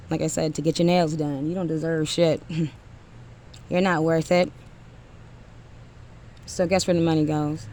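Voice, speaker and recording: A woman's voice: on the low side, a little mellow, a little hiss or hum. A woman giving a blunt, profane motivational rant to single mothers, emphatic and often trailing off with sighs.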